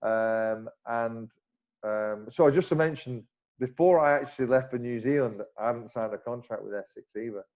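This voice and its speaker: A former cricketer from Bolton in northern England, appearing as an interview guest, tells animated anecdotes, acting out dialogue and restarting often in casual storytelling. His voice is medium-pitched at a moderate pace, and the recording is slightly muffled.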